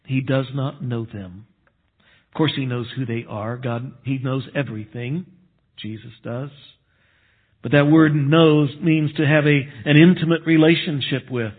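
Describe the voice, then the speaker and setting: A man preaching a sermon as a pastor, earnest and emphatic, dropping to a low hush on solemn points. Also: unhurried, husky. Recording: tinny phone-like sound.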